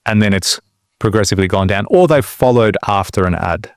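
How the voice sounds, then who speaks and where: A man's voice: fairly low pitch, fairly quick, no room sound, clean studio sound. A man co-hosting a podcast, talking casually and telling stories from his business. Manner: relaxed storytelling. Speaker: podcast co-host.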